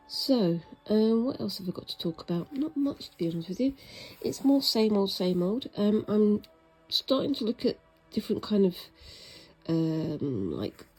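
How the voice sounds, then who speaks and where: Chatting as she stitches a craft project, a British woman rambles slightly and makes self-deprecating jokes, sometimes speaking softly. She has a medium-pitched voice with a breathy edge. The recording is of low quality.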